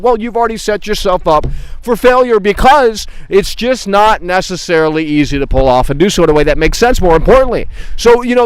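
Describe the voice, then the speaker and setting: A man with a high voice rants through a gaming livestream, swearing freely and mocking his chat as he goes. His voice is close and dry, with no room around it. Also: smooth, dry recording, rough recording. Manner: profane, mocking, talks straight to chat. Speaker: streamer.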